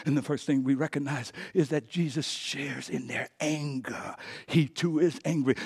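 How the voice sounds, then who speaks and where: Pastor guy preaching, husky voice, goes from whisper to shouting, keeps saying come on now. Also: a little high, fairly even intonation, normal speed. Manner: swings from hushed whispers to shouted climaxes. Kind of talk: sermon.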